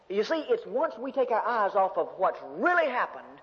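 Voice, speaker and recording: Male preacher, high voice, lively folksy sermon delivery, dull recording with long church reverb. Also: normal speed, hardly any pauses. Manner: animated, folksy storytelling with humor.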